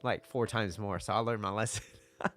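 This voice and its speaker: A man's voice: lowish voice, normal speed, soft background music. A man coaching on dating over slides, casual and joking as he talks. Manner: joking and animated.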